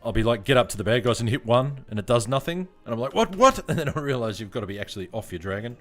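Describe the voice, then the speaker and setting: A man streaming a game live, chatting with viewers, laughing often and reacting out loud. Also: mid-range voice, fast talker. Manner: laughs often, chats to viewers while playing. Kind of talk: casual live-stream chat. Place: home room.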